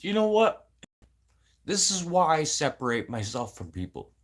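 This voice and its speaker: A man's voice: a little high, big pitch swings, moderate pace. An adult man venting casually to camera, blunt and rambling, swearing constantly and sounding aggrieved. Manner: emotional, aggrieved. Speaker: vlogger.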